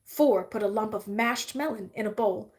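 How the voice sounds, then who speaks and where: A woman's voice: medium pitch, moderate pace, a little mellow. Woman reading a novel aloud. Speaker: reader. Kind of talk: audiobook-style novel reading.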